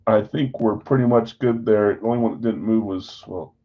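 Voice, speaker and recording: A man's voice: lowish voice, fairly even intonation, moderate pace, highs cut off. A man hosting a live stream, casually reading off trades and talking to buyers in a scattered, self-deprecating way. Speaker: card break host.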